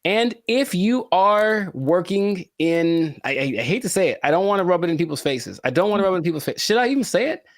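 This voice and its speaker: A man co-hosting a casual podcast, talking in a joking, rambling way with animated asides. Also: high voice, fairly quick, few pauses, no echo, studio quality. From California. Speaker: podcast co-host.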